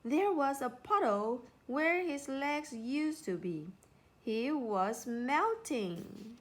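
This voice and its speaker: A woman narrating a children's storybook in an unhurried, expressive way. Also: sits high.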